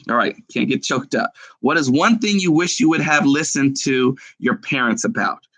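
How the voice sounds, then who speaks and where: A man's voice: mid-range voice, lively intonation, moderate pace, bright, forceful tone, no echo, poor audio. A middle-aged man on a casual live stream, telling personal stories in a heartfelt, emotional way.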